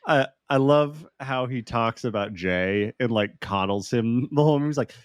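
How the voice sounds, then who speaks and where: A man's voice: mid-range voice, normal speed, clear, resonant tone, no echo, studio quality. A man co-hosting a podcast, chatting casually and laughing along. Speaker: podcast co-host. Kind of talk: casual chat.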